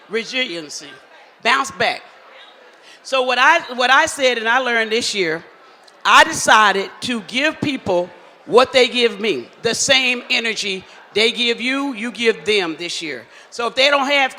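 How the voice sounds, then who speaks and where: A man, emceeing a live event with loud, teasing crowd banter on a handheld mic. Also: extremely high pitch. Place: large hall at a live event. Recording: echoey hall with faint ambient noise.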